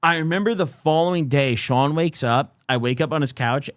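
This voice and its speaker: A man's voice: a little high, normal speed, dry recording. A young man hosting a podcast, telling a story in casual chat and animatedly acting out the people in it. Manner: animated, acts out quotes with swearing. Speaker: podcast host.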